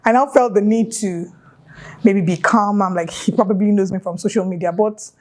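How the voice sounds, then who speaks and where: A woman's voice: mid-range voice, fairly even intonation, normal speed, darkish tone. A young woman with a Nigerian accent, chatting to the camera as she tells a story on her vlog, full of playful local asides. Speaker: YouTuber.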